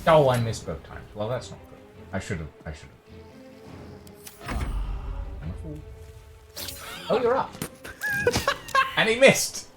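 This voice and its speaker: A man playing a game with a friend, wry and quick to swear. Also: a little high, wildly swooping pitch. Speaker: gamer. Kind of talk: casual gameplay chat. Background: game music.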